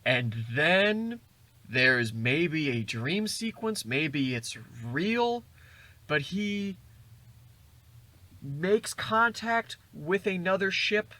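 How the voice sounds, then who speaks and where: A man's voice: on the high side, animated, extremely slow, sharp tone, dry recording. A man casually recapping a film plot in a rambling, jokey way. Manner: rambling, jokey retelling with acted quotes.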